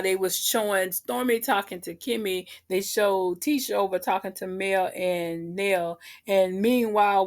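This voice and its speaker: A woman, casually recapping a reality show for her viewers in a chatty, sassy way. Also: medium pitch.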